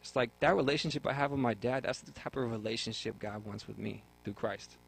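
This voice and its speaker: A man's voice: medium pitch, brisk, vocal fry, a little hiss or hum, low-quality recording. A young man in a radio studio, earnestly telling his faith testimony and often repeating words as he starts a thought. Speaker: guest sharing his testimony.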